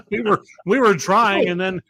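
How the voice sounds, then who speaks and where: A man's voice: high-pitched, measured pace, a crowd in the background. A middle-aged man co-hosting a podcast, trading teasing jokes in casual chat while sweating in a hot room. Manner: joking, teasing banter. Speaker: podcast co-host.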